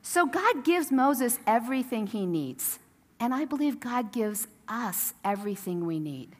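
A woman's voice: fairly high pitch, big pitch swings, a little slow. A woman pastor preaching a sermon in a casual, storytelling way, acting out the quotes. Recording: long reverb of a church sanctuary.

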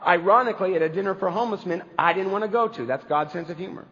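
A man with a high, bright-toned voice delivers a church sermon, moving from earnest storytelling into emphatic, rising declarations. His voice rings with a long hall reverb, as if in a church sanctuary, and the recording sounds a little dull and lo-fi. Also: very fast. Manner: earnest storytelling preacher, building to emphatic climaxes. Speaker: pastor.

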